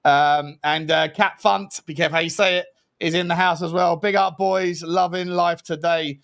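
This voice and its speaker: A man's voice: fairly high pitch, steady tone, moderate pace, gravelly, fairly bright tone. Chatty man co-hosting football talk. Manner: chatty, laddish, lots of "mate". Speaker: co-host of football podcast. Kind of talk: casual football chat.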